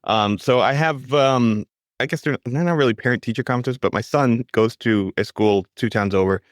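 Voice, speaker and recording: A man tells a self-deprecating story in casual podcast chat. He halts and restarts often. His voice is mid-pitched and dry. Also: moderate pace, dry recording. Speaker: podcast guest.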